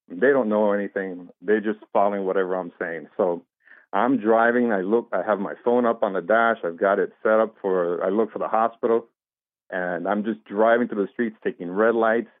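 A man's voice: lowish voice, no room sound. A man telling a long personal story as an interview guest, in a casual way, acting out what people said. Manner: animated retelling, acts out quoted voices. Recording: dry tinny phone-like line.

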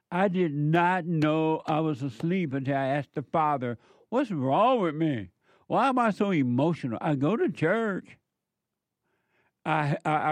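A man hosts a spiritual call-in radio show, preaching in an unhurried, repetitive way. His voice sits a little high and he takes his time over each phrase. The sound is close and dry, with no room around it. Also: no echo. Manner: slow, preachy, repetitive emphasis.

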